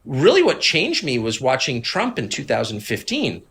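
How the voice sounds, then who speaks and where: A man in his fifties, a guest in a conversational interview, who tells stories with animated, mocking impressions of other people. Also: normal speed. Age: 50s. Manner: animated storyteller, acts out others in high mocking voices. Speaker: interview guest, media figure.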